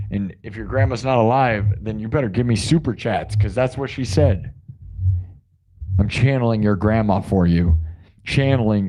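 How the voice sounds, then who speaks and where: A man hosting a live stream, rambling and joking as he answers his chat. His voice sits at an ordinary middle pitch, loose and playful. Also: a little mellow. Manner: jokey, rambling, talks to chat. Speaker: live stream host and improv musician.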